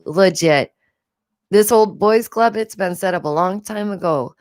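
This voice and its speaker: A woman's voice: medium pitch, a little slow, a little mellow, no echo, studio quality. A woman hosting a casual livestream from home, talking in a rambling, chatty way and laughing often. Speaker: livestream host.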